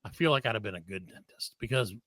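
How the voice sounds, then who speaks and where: A man's voice: on the low side, fast talker, no echo, clean studio sound. A man, a comedy podcast host, telling a story in casual chat and acting out the other people in it. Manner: animated, acts out the other people in his story.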